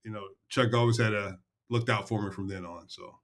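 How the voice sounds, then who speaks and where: A man's voice: lowish voice, fairly even intonation, a little fast. A middle-aged man, a retired senior military leader, is a podcast guest telling laid-back, salty war stories with frequent chuckles. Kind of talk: casual storytelling interview.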